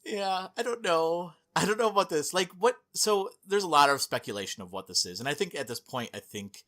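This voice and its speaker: A man's voice: a little high, expressive, a little fast, fairly bright tone. A man hosting a gaming podcast in casual chat, chatty and filler-heavy, laughing often. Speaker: podcast host.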